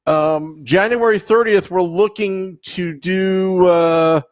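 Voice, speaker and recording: Chatty man with a higher voice. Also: fairly even intonation, slow, no echo, clean studio sound. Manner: chatty, rambling with fillers. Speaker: podcast co-host. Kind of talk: casual podcast chat.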